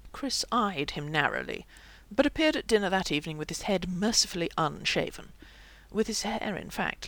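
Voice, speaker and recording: A narrator reading a fantasy novel aloud in a lively, expressive way. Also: mid-range voice, creaky, no echo. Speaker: audiobook narrator. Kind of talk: audiobook narration.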